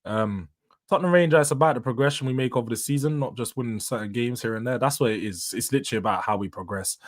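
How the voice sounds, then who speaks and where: A man's voice: medium pitch, fast talker. A young man hosting a casual live stream, talking slangy and laughing often as he chats with viewers. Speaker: livestream host.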